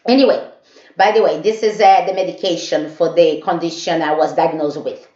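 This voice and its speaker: A woman's voice: on the low side, fairly even intonation, brisk, mellow. A woman telling a personal story to camera, rambling and repeating herself. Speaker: vlogger. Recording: dull echoey room.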